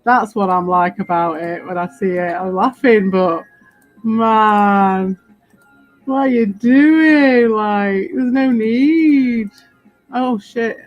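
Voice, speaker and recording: A woman's voice: medium pitch, slow pace, no room sound, lo-fi sound. A British woman rants in a loose, rambling monologue, swearing constantly and breaking into laughter. Her tone is defiant and mocking, with faint music playing behind her. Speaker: crypto streamer. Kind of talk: casual ranting monologue.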